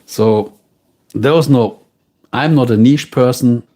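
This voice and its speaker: A man with a German accent hosting a livestream, chatting casually and directly with his viewers in a relaxed, unhurried way. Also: mid-range voice. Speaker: livestream host.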